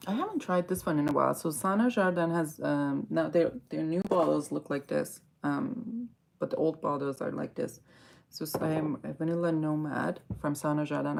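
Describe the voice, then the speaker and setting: A woman's voice: sits low, creaky, darkish tone, a little hiss or hum. A woman hosting a casual fragrance livestream, reading viewer comments aloud and answering them as she chats.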